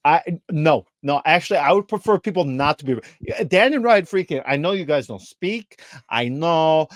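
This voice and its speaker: A man's voice: on the high side, expressive, moderate pace, dry recording, studio quality. A man in his thirties co-hosting a podcast, ranting in an exasperated, emphatic way and repeating his points. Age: 30s. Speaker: podcast co-host. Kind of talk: heated podcast rant.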